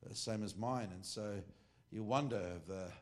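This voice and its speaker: At a moderate pace and in a lowish voice, a middle-aged Australian preaches an informal sermon to a ministry class. He meanders and jokes, frequently stepping aside from his point and correcting himself.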